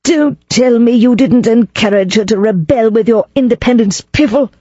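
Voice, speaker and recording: A woman's voice: a little high, normal speed, warm tone, dry recording, lo-fi sound, voice pushed up, natural voice. A woman voicing an imperious, scornful older English aristocrat in an audiobook. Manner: haughty, scornful.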